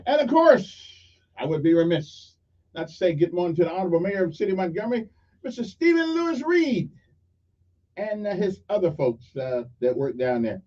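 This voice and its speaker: A man's voice: sits high, sing-song, fairly quick, a little mellow. A middle-aged man, hosting a casual morning radio show with folksy, rambling asides and jokes. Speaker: radio talk show host. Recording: dull sound from a distance.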